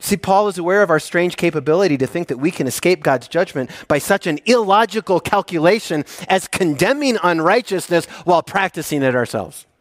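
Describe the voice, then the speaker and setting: Earnest pastor, fairly high dry voice. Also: male voice, expressive, a little fast, few pauses, no room sound. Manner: earnest, swings between soft hushed lines and emphatic rising appeals. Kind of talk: sermon.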